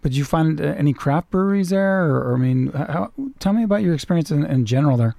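A male radio host in casual conversation, stumbling through his questions with many fillers. His voice sits on the higher side and the studio sound is dry and close. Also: lively intonation, creaky, dark tone, dry recording. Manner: halting, full of fillers. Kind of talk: casual chat.

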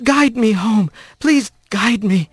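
Guy doing a gentle little animal hero, high and halting, broken words, super dry close sound. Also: lively intonation, breathy edge, dry recording, full character voice. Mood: soft pleading. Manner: halting broken phrasing in a foreign tongue. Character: weary young male animal hero, kindly, halting foreign speech.

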